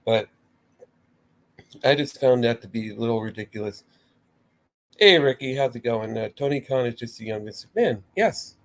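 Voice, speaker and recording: A man's voice: medium pitch, moderate pace, long pauses. Rambling, exasperated male wrestling channel host. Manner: rambling, exasperated, swears, mimics his own reactions. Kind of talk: casual livestream commentary.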